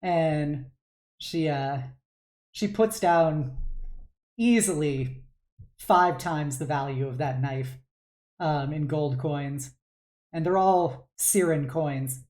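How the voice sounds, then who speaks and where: Slow, low-voiced woman game master. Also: darkish tone. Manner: hesitant, full of fillers. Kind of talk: narrating a tabletop game.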